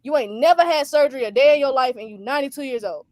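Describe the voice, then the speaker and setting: A woman co-hosting a casual livestream chat, telling stories in an animated way and acting out quotes. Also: sits high, very fast, dry recording, studio quality. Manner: animated storytelling with laughs and acted quotes. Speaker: podcast co-host.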